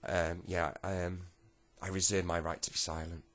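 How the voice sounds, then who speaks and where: A man's voice: sits low, flat delivery, normal speed, fairly bright tone. A man playing a distraught seventy-two-year-old grandfather who stammers, sighs and keeps breaking off. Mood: shaken. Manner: stammering, sighing, breathless.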